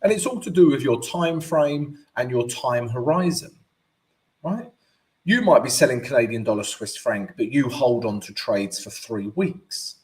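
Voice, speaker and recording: A man's voice: medium pitch, animated, measured pace, a little mellow. A man hosting a live trading stream, chatting casually through market commentary and viewer questions, tagging lines with "right?". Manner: does offhand mock voices of traders.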